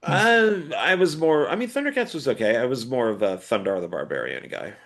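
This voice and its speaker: A man's voice: medium pitch, very animated, fairly quick, fairly bright tone. A man co-hosting a podcast in casual chat, teasing his partner in a jokey way. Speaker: podcast co-host.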